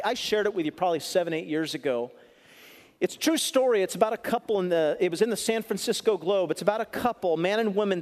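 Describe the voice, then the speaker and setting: A male pastor preaching a sermon in a church, moving between loud punchy lines and soft, earnest asides as he tells a story. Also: high-pitched, in a large hall.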